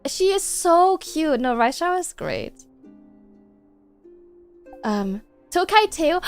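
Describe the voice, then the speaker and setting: A woman's voice: very high-pitched, very animated, slow, pauses often, faint music behind. A young woman streaming games, chatting casually and gushing to her chat with giggles.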